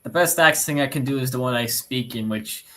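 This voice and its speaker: A man's voice: mid-range voice, a little fast, fairly bright tone. A young man on a robotics team's live stream, chatting casually, rambling and laughing often at himself. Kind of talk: casual livestream chat.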